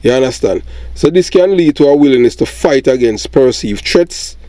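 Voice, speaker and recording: A man's voice: medium pitch, expressive, normal speed, dark tone, no echo. A middle-aged Jamaican man with a Jamaican accent, commenting in a rambling monologue and often asking "you understand?".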